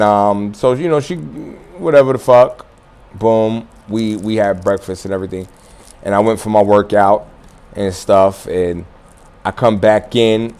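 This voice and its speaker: A man's voice: mid-range voice, a little mellow. A man hosting his own martial arts channel, talking loosely and profanely to viewers, chuckling and repeating points for emphasis. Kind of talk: casual solo monologue to viewers.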